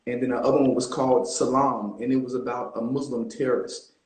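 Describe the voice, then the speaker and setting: A man recalls his early days in an easygoing, lively tone, peppering his story with "um" and "you know what I'm saying". His mid-pitched voice sounds roomy, picked up over a live video call. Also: fairly quick. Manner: relaxed, animated storytelling with fillers. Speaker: guest actor. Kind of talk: casual interview storytelling.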